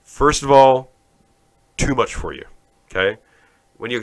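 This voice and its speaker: A man's voice: medium pitch, lively intonation, a little slow, pauses often, no room sound. A man from Canada hosting a podcast, rambling through a profane, sarcastic comic rant. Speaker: podcast host.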